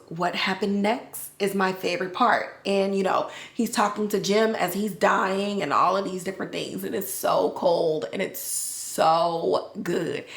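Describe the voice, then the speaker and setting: A woman hosts a podcast, recapping a TV episode in loose, slangy chat and performing the characters' lines herself. Her voice is mid-range with vocal fry, and the recording has a roomy echo.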